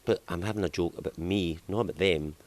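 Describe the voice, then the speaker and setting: Scottish male comic, deep voice, easygoing interview banter, quick to laugh. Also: darkish tone. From Scotland. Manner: chatty, laughs often, self-deprecating. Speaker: comedian guest. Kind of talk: casual interview chat. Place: outdoors in hot sunshine.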